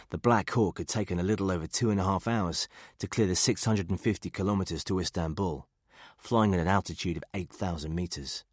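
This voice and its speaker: A man reading a thriller audiobook in a steady, measured narration. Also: deep voice, slightly rough, no room sound, clean studio sound. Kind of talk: scripted narration.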